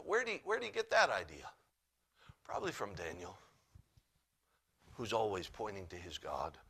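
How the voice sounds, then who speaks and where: Bright-voiced preacher, loud then hushed. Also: male voice, fairly low pitch, very animated, normal speed, gravelly, husky. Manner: swings from loud dramatic Bible reading to quiet folksy asides. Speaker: pastor. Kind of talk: sermon.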